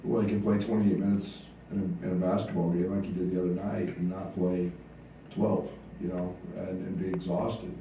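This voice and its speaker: A man, a head basketball coach, answering press conference questions, halting with fillers and restarts. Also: deep voice, flat delivery, mellow. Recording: echoey room, distant mic, faint noise.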